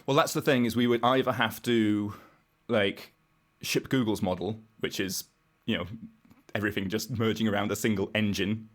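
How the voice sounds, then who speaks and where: A British man with a fairly low voice talks through technical ideas on a podcast. He is casual and wry, working out his points aloud for the hosts. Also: fairly even intonation, normal speed. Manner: explanatory, wry, thinks aloud. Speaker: podcast guest, browser engineer.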